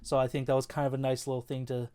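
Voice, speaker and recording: Casual young male film reviewer, smooth and resonant, mid-pitched, rambling and friendly. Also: little pitch movement, rapid-fire, warm tone. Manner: loose, chatty, many fillers and restarts.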